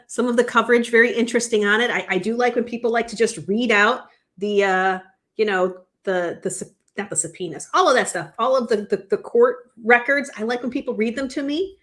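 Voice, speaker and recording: A woman's voice: fairly high pitch, fairly even intonation, brisk, a bit bright. A woman co-hosting a casual chat show, rambling and searching for words, laughing often. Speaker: podcast co-host.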